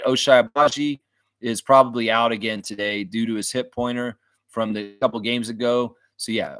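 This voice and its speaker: A man's voice: medium pitch, a bit bright, no room sound. A man hosting a casual sports fan livestream, rambling and self-mocking, often repeating his words. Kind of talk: casual live-stream chat.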